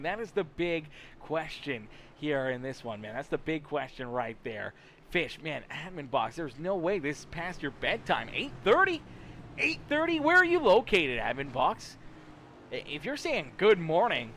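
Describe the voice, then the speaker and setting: A man's voice: fairly high pitch, fairly bright tone, a little hiss or hum. Chatty man calling a sim race. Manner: chatty and teasing, repeats phrases, stumbles over words. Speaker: sim racing league commentator. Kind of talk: live play-by-play commentary mixed with chat replies.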